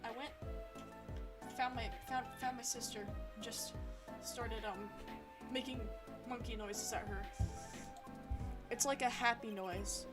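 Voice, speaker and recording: A woman excitedly commenting as she plays a video game, with lots of exclamations and giggles. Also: on the high side, slow, pauses often. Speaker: let's play gamer. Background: game music.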